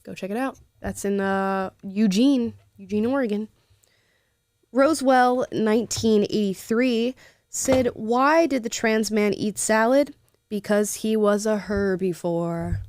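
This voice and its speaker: A woman chats through viewer comments on a live show, sarcastic and laughing often. Her voice sits at a middling pitch, recorded close on a dry mic with no room sound. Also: measured pace, a little mellow, no echo. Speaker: livestream host reading viewer comments. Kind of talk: casual live chat.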